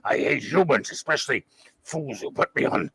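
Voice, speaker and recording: A man putting on the voice of a menacing reptilian alien who hates humans, gravelly and hissing. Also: medium pitch, expressive, normal speed, a bit bright, pitched below the performer's own voice, heavily acted.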